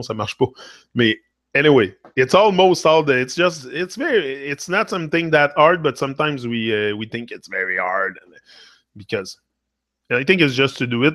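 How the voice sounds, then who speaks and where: A man's voice: fairly high pitch, a bit bright, no room sound, clean studio sound. A man from Quebec, a native French speaker with a Quebec French accent, hosting a live stream in casual motivational chat, rambling and drifting between English and French.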